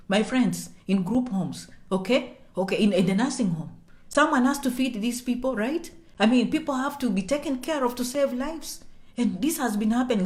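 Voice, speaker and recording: Woman, slightly high voice, chatty explainer who drops to a whisper on sensitive points. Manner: checks in with "okay?" constantly; animated, swings between loud and soft. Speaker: immigration vlogger. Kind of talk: casual explainer to viewers.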